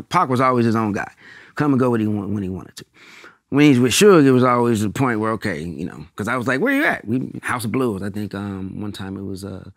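A man's voice: fairly low pitch, dry recording, clean studio sound. A man, a comedian and actor, telling loose, rambling anecdotes as an interview guest. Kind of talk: casual interview chat.

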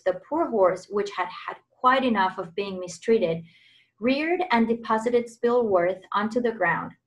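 Teacher lady reading a kids' novel out loud, expressive storytelling. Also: fairly high pitch, low-quality recording. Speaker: preschool teacher, guest reader. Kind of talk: reading a children's novel aloud.

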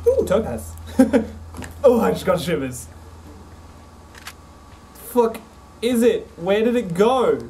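A man's voice: sits high, very animated, slow, pauses often, darkish tone, slight background noise, low-quality recording. A man streaming a horror game, swearing and jumpy while he talks to his companion through a desk mic. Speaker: gameplay streamer. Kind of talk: let's play commentary. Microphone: desk mic with face cam.

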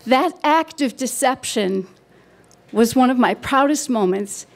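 A middle-aged woman telling a personal story on stage at a live event, warm and wry with dry humor. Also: high-pitched, animated, measured pace.

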